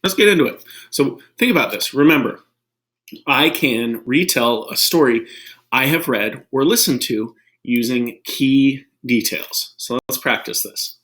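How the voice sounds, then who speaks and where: A man teaching first graders from his living room, reading a picture book aloud in a lively storytelling manner. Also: mid-range voice, unhurried, low-quality recording. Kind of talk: read-aloud lesson for kids.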